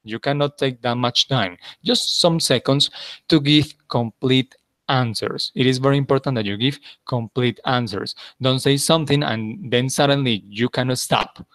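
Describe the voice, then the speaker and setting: A man's voice: mid-range voice, moderate pace, a bit bright, dry recording. A man teaching an English class, patiently repeating his instructions and checking in with his students.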